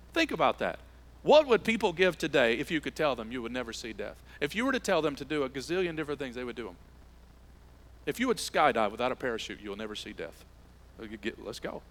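A man preaching a sermon as pastor, swinging between emphatic rises and quiet drops. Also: a little high. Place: church sanctuary.

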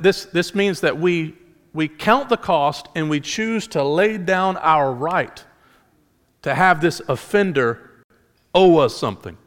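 A man's voice: fairly high pitch, big-room sound. A male pastor delivering a sermon in an earnest style, asking rhetorical questions and restarting phrases as he goes.

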